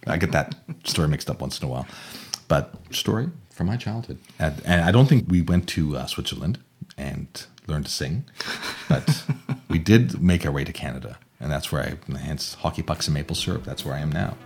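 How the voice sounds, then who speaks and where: An older man from Germany, a storyteller guest telling a childhood tale theatrically, acting out voices and swinging from hushed to loud. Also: rumbling low, animated, moderate pace, husky. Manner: theatrical, acts out voices, swings from whispers to shouts. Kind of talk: animated oral storytelling.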